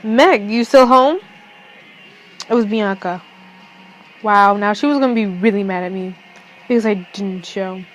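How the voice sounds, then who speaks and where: A young woman reading a first-person fan fiction story aloud, haltingly, with restarts. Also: mid-range voice, steady tone, slight background noise, rough recording.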